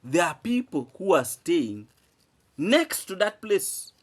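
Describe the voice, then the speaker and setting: Animated man, lively rhetorical vlogger. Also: sits high, slow pace. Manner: emphatic, repeats phrases, asks rhetorical questions. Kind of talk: animated commentary to camera.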